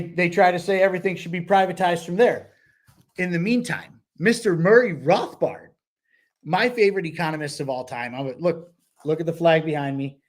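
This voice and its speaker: A man co-hosting a book club podcast, talking in a loose, rambling way with many fillers and restarts. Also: a little high. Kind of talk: casual podcast discussion.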